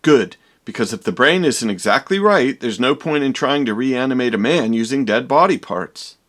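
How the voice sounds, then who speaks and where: A man voicing a cheeky, bug-eyed hunchbacked servant in a low, gruff wisecracking voice. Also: animated, normal speed, a bit bright.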